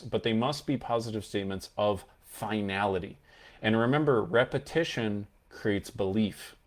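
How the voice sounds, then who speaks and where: An earnest male mental health coach teaches in a fairly low voice. He leans hard on his key points and now and then shows a tone of voice to make them clear. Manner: earnest, emphatic, demonstrates tones of voice while teaching. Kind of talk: explanatory coaching talk to camera.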